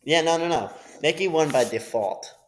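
A man's voice: a little high, lively intonation, normal speed, slight background noise. A man chatting casually as a podcast guest, laid-back and agreeable, with plenty of fillers. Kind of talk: casual chat.

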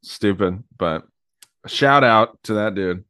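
A man's voice: lowish voice, takes it slowly, pushed and bright, clean tone, no echo, studio quality. A man hosting a podcast, chatting casually and crudely with lots of fillers. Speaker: podcast host. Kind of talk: casual chat.

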